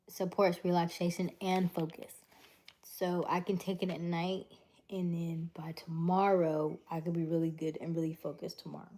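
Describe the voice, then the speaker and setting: A middle-aged woman hosts a laid-back livestream from home, speaking into a webcam mic. Her voice sits low and warm, and she stays animated as she tells stories and plays out dialogues. Between stories she reads the chat aloud. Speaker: livestream host.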